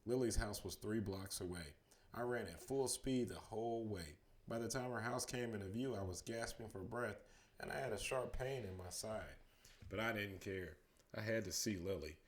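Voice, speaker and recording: A man reading a children's chapter book aloud as a bedtime story, steady in the telling and livelier on the quoted lines. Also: fairly low pitch, normal speed.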